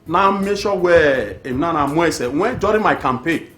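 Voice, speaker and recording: A blustering governor in an echoey room. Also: male voice, a little high, animated, normal speed, a bit bright, soft background music. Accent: Nigerian. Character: blustering, self-important state governor. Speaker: state governor.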